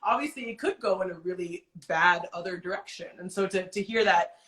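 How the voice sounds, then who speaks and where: A woman's voice: lowish voice, brisk, a bit bright. Woman, interview host, affirming, thoughtful, roomy echo. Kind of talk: interview talk.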